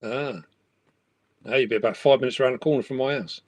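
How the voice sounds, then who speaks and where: A man's voice: medium pitch, fast, darkish tone, dry recording. A middle-aged man, chatting and laughing on a live stream from his room at home. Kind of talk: casual chat.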